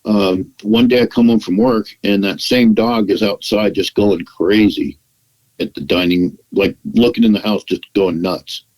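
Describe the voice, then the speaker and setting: As a podcast guest, a low-voiced man from California, United States, recounts a personal story at a measured pace in a slightly mellow tone, in what sounds like easy, unscripted conversation. His voice swings as he acts out quoted dialogue, and he restarts often with "you know" fillers. The recording is low quality.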